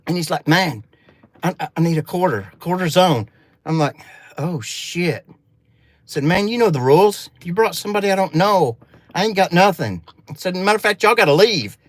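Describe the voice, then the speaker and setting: A man's voice: high-pitched, no room sound. Profane Southern man spinning a yarn. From Arkansas. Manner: rambling, profane, folksy drawl with fillers. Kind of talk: casual storytelling.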